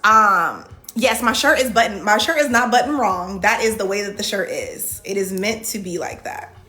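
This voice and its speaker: A woman's voice: medium pitch, normal speed, bright, forceful tone, faint music behind. A woman hosting a casual livestream Q&A, chatting loosely with lots of "like" fillers and answering viewer comments as they come in. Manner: frequent "like" fillers and restarts. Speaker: reality show contestant hosting a live Q&A.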